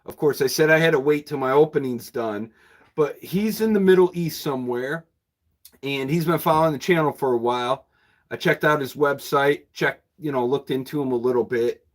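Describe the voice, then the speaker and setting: A man hosting a casual livestream from his bookshop, talking to viewers in a rambling, friendly-sounding flow. He repeats words, restarts phrases and chuckles now and then. His pitch sits in the middle range for a man. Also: normal speed. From New York State. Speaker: bookseller and channel host.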